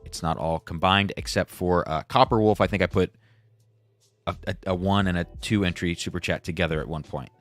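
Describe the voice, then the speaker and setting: Deep-voiced man chatting on a livestream. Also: brisk, faint music behind. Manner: rambling, self-deprecating, reads viewer chats aloud. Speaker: livestream host. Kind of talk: casual livestream chat.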